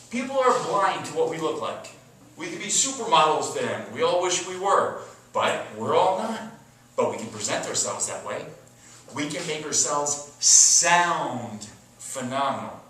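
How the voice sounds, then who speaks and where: A bright, forceful male voice coaching salespeople, pushing hard on key words and then dropping low. The room rings with heavy echo, and he sits back from the mic. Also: distant mic, slight background noise. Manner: emphatic, dramatic shifts in tone and volume. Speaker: sales trainer. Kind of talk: sales training talk.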